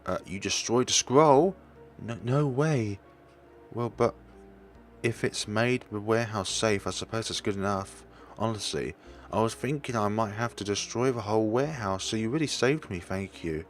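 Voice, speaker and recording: A man's voice: on the low side, normal speed, faint music behind, voice pushed up, close to an everyday voice. A man voicing a relieved warehouse owner who thanks the hero. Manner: flustered, thankful.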